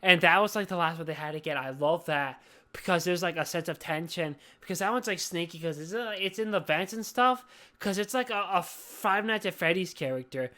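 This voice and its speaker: A man co-hosting a podcast while drunk, rambling loudly and swearing in casual chat. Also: high-pitched, brisk. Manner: rambling, loud, profane. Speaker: podcast co-host. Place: at home, on the floor.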